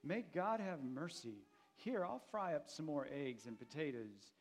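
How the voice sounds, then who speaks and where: A man voicing a kind, fussing farmer's wife in a read-aloud storybook, exclaiming warmly. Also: fairly high pitch, lively intonation, unhurried, voice pushed up. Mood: pitying. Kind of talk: storybook reading.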